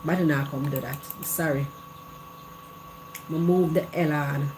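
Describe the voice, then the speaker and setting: A woman's voice: low voice, fairly even intonation, a little slow, heavy background noise. A middle-aged Jamaican woman hosting a live chat, telling her own story candidly in patois and repeating phrases. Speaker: live stream host.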